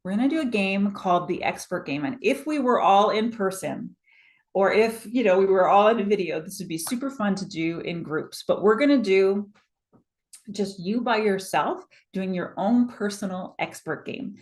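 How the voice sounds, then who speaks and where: A woman presentation coach leading a live online workshop, energetic and encouraging, often checking in with her audience over a video call. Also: medium pitch, moderate pace.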